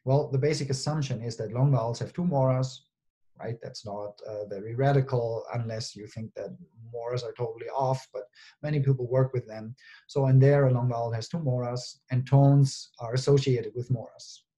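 Male conference presenter, warm low-key tone, methodical lecture delivery, checks in with the audience often. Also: steady tone. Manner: explains step by step with frequent tag questions like "right?"; hesitant, with frequent pauses and fillers.

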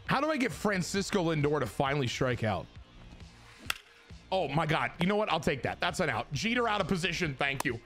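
A young man hosting a gaming channel, giving excited commentary on his baseball video game and cheering and shouting at the plays. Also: on the high side, normal speed, soft background music. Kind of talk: excited live gameplay commentary.

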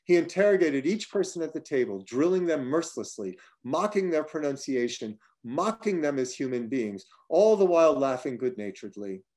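A man's voice: fairly high pitch, lively intonation, normal speed, few pauses, darkish tone. A man reading his own personal prose aloud with dry, wry storytelling.

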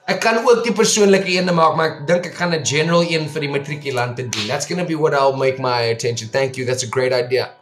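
A South African man with an Afrikaans-speaking accent, hosting a casual live stream and chatting warmly with viewers, mixing English and Afrikaans. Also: a little high, fast talker, hardly any pauses, roomy sound, soft background music. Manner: switches between English and Afrikaans, upbeat and affectionate with viewers. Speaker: livestream host.

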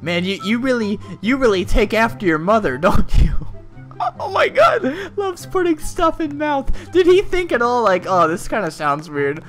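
A young man giving crude, excitable gameplay commentary, laughing often as he plays. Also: very high-pitched, normal speed, faint music behind. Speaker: gaming YouTuber.

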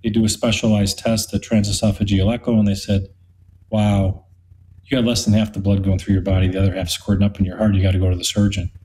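A man's voice: on the low side, little pitch movement, fast, dark tone, poor audio. A man in his fifties, an interview guest giving an earnest personal testimony and acting out the dialogue he quotes. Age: 50s.

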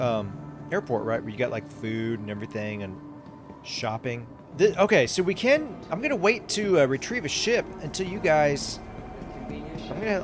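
Hyped gamer guy narrating his gameplay, bouncy voice, game music behind. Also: on the high side. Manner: excitable, chatty, reacts aloud to everything. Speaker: gaming YouTuber. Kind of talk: casual gameplay commentary.

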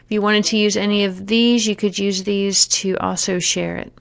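A woman narrating a software tutorial, explaining each step plainly with occasional fillers. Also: mid-range voice, fairly even intonation, moderate pace, gravelly, clean tone. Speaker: teacher giving a software tutorial. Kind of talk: screen-recorded tutorial narration.

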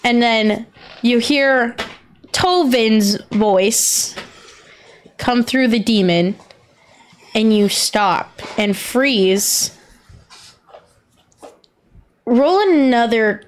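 A woman running a tabletop role-playing game as game master, explaining rulings and narrating in a casual way. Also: a little high. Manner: casual, rules-focused, quick asides.

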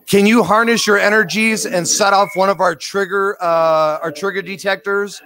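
A man's voice: sits high, moderate pace. A man doing a paranormal spirit box session, calling out questions to spirits and reporting what the apps say. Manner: hushed questions to spirits, bursts of excited shouting. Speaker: paranormal investigator.

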